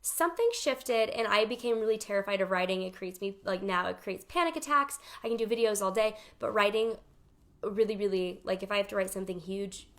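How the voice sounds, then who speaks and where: A woman's voice: mid-range voice, a little fast, fairly bright tone. A woman coaching on focus in a chatty, emphatic talk to her viewers, acting out her own inner voice as she goes. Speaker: life coach. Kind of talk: casual talk to camera, live session.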